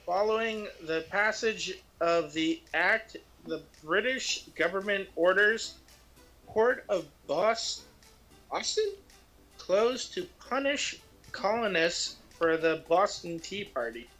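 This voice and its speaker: Slow-reading wry man. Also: sits high, expressive, a bit bright, faint music behind, low-quality recording. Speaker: co-host. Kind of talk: casual group chat reading history dates.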